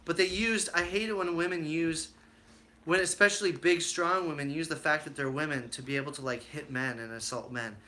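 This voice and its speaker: A man's voice: on the high side, fairly even intonation, brisk, bright, forceful tone. A man hosting his own live stream, chatting casually and telling stories with plenty of fillers and acted-out quotes.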